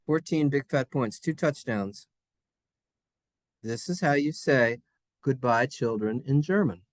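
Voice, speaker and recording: Animated, encouraging Hebrew teacher. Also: mid-range voice, unhurried, no echo. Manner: animated, encouraging, repeats phrases, playful asides. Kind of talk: children's language lesson.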